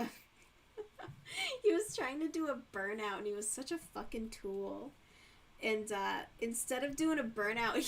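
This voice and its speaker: Casual woman streamer, a bit high-pitched, laughs often and swears freely. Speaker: livestream host. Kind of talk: casual chat while crocheting.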